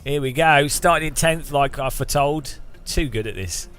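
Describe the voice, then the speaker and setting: A British streamer chatting casually while sim racing, rambling and joking with lots of restarts. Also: male voice, mid-range voice, moderate pace, fairly bright tone, soft background music. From United Kingdom. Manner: rambling and jokey, with frequent restarts.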